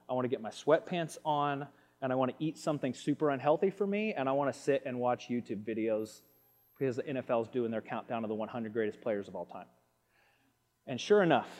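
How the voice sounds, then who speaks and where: A man's voice: mid-range voice, darkish tone. A man, a pastor giving a conversational, storytelling sermon in a church. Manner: conversational, storytelling with many restarts. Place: church sanctuary. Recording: long reverb of a large hall.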